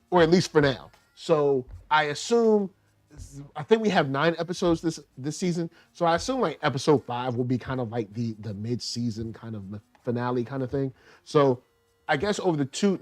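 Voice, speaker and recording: A man hosting a casual review show, talking in animated slang and acting out characters in quick asides. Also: medium pitch. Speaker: show host reviewing a TV series.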